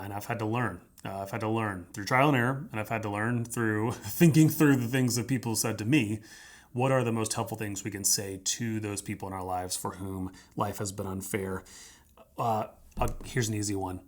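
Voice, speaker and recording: Male pastor, lowish voice, conversational sermon delivery, emphatic and repetitive, keeps asking "right?". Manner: conversational, emphatic preaching with frequent "right?" and repeated phrases.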